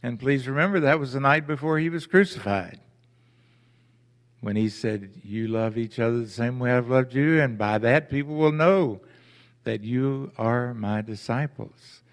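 A man, a pastor, preaching a sermon with deliberate emphasis and rhetorical questions to his congregation. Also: mid-range voice. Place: church sanctuary. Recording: church hall with long reverb.

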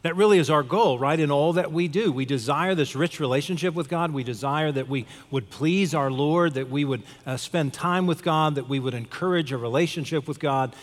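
A man's voice: a little high, moderate pace, few pauses. Pastor guy preaching, chatty, asks the room stuff, long church echo. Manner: conversational, asks the audience questions. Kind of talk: sermon. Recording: long hall reverb.

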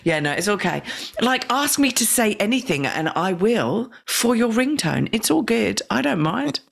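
A chatty, bubbly woman hosting a podcast interview, quick to poke fun at herself. Her voice swings freely up and down and carries a gravelly edge. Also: mid-range voice, sing-song. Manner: chatty, bubbly, self-deprecating. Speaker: podcast host.

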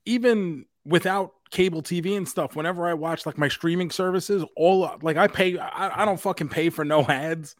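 A male podcast co-host with a voice a little higher than average, recorded dry and close. He talks in relaxed, chatty banter, now and then dropping a swear word. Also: moderate pace, few pauses, no room sound. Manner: chatty, relaxed, occasionally profane. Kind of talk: casual chat.

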